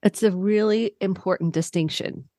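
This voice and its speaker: A woman's voice: mid-range voice, moderate pace, dark tone, no echo. Woman podcast host, dry close sound. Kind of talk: conversational interview.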